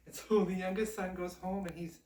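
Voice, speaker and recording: A woman tells a fairy tale in a casual, chatty way, full of lively asides. Her voice sits fairly low for a woman. The room is echoey and she is some distance from the mic. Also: fairly quick, a little hiss or hum. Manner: chatty, animated, conversational asides. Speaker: storyteller. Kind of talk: casual oral storytelling.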